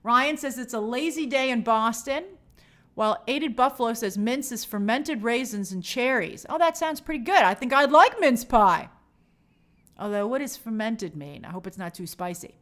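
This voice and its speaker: Upbeat high-voiced woman host. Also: expressive, normal speed, a bit bright. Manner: upbeat, chatty, reads viewer comments aloud. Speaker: host reading live chat. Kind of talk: casual livestream chat.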